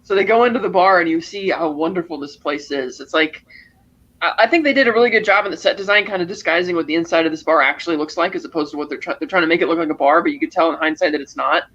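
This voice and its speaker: Bright high-voiced man recapping a movie. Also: rapid-fire, dull audio. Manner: retells scenes with acted-out quotes. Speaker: podcast co-host. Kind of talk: casual movie recap chat.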